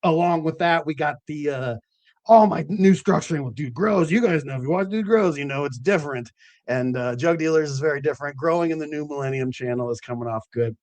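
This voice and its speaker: A man's voice: fairly high pitch, a little fast, a little mellow, no echo. A man hosting a late-night cannabis show, telling stories in a loose, rambling way with lots of fillers and the odd swear word. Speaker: host of a cannabis growing show.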